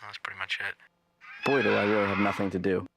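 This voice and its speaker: A slack, mumbling couch potato. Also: male voice, fairly low pitch, monotone, fast, vocal fry, heavy background noise. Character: lazy, idle young man on the couch.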